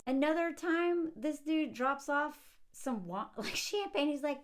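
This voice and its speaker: A woman giving casual film commentary in a sarcastic, animated way, laughing often as she talks. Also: sits high, a little slow, a little hiss or hum. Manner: sarcastic and animated, acting out characters' lines; laughs often mid-sentence. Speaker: movie commentator.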